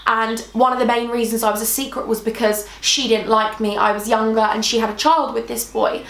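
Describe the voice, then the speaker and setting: A woman's voice: on the high side, fairly bright tone. A British woman in her twenties telling a storytime vlog, emotional and chatty, full of "like" and repeated phrases. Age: 20s. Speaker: vlogger. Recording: echoey room.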